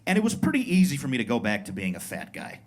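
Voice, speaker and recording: This man's medium-pitched voice swoops wildly and moves fast. He's in his thirties, hails from Pueblo, Colorado, and is performing self-deprecating stand-up at a comedy club, impersonating brash tough guys.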